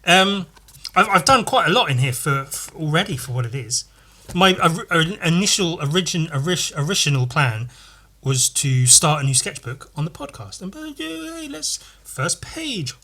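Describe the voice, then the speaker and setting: Male podcast host with a bright, tense voice. Casual, profane and playful, riffing on his sketchbook. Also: fairly high pitch, very animated, normal speed. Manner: swears constantly, playful, jumps into loud goofy voices. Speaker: artist hosting a solo podcast. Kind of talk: casual rambling chat while sketching.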